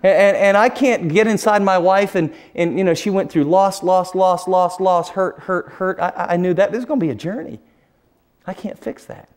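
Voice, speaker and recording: A middle-aged man preaching a sermon, earnest and confessional, dropping to a hushed near-whisper at emotional moments. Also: high-pitched, normal speed, hardly any pauses.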